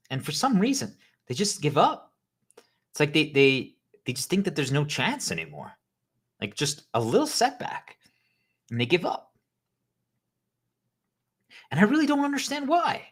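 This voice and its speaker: A man in a listener role-play monologue, talking straight to you with a bright, ringing voice. His pitch leaps around, and he rambles and jokes as if he has had a drink or two. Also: slightly rough. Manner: rambling, joking, playing tipsy.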